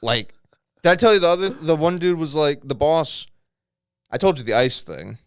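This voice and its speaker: A man's voice: a little high, normal speed, clean tone, dry recording, studio quality. A young man co-hosting a comedy podcast, rambling and swearing in casual banter. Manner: rambling, animated, swears freely. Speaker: podcast co-host.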